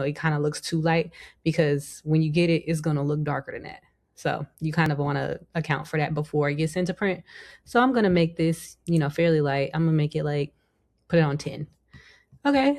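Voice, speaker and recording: A woman's voice: low-pitched, darkish tone. A woman hosting a casual design tutorial, chatting through each step as she works at her computer. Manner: chatty, talks through each step with many "you know" and "like". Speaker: tutorial host. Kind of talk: casual screen-recorded software tutorial.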